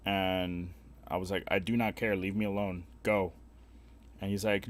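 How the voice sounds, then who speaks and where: Casting: young male streamer, lowish voice, crude and blunt, acts out the people in his stories. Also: normal speed. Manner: blunt, heavily profane, animated retelling with voiced quotes. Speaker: live streamer. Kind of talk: casual storytelling while gaming.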